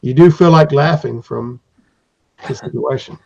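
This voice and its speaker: A man's voice: mid-range voice, unhurried, vocal fry, a little mellow, a little hiss or hum. A man improvising narration as game master for a tabletop game, rambling, with fillers and restarts. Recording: dull lo-fi recording.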